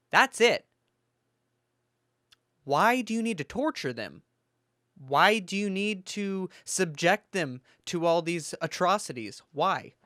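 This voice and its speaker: A man's voice: fairly high pitch, a bit bright, no echo, studio quality. Fiery, foul-mouthed ranting man. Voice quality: heated, profane, sarcastic and emphatic. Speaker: political commentator. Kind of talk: profane ranting commentary.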